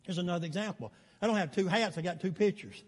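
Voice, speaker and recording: An older man, preaching a sermon as pastor, telling stories in an animated way and chuckling between lines. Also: sits high, quick pace, slightly rough, long reverb tail.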